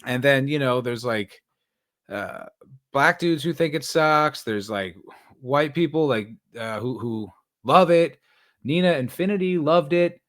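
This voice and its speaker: A man's voice: medium pitch, lively intonation, measured pace, a bit bright. A man hosting his own podcast, giving casual solo commentary in a sarcastic, rambling way, often mocking quoted voices. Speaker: podcast host.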